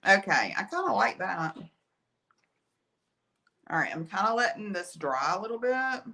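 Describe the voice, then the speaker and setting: Her voice is mid-range and sing-song, measured in pace, with a pushed, bright quality. She's an art instructor with a Southern Alabama accent leading a chatty, folksy live painting tutorial, still coughing slightly after being ill.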